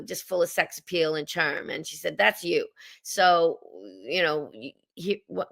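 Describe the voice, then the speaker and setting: A woman in her sixties, a Canadian actress, telling her story in a relaxed interview, with an expressive, husky voice. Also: lowish voice.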